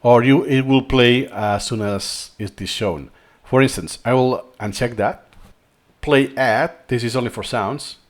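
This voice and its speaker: A man's voice: medium pitch, measured pace. Spanish-accented man explaining a tutorial. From Spain. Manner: thinking aloud, repeats himself. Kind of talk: screen-recorded tutorial talk.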